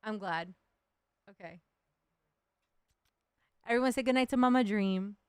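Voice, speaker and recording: A woman's voice: mid-range voice, unhurried, clear, resonant tone, dry recording, studio quality. A woman hosting an interview over a video call, friendly and giggly with loose phrasing. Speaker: podcast host. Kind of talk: casual interview.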